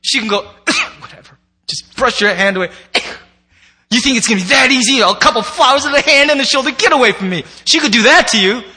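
In an extremely high, pushed and bright voice, a pastor preaches briskly to a congregation in a church sanctuary. His sermon is conversational and playful, with acted asides slipped in.

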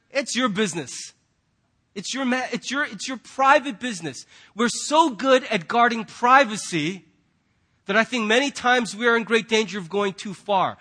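A man's voice: very high-pitched, sharp tone. A man preaching a sermon as a pastor, conversational and emphatic, with casual asides to the congregation. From United States.

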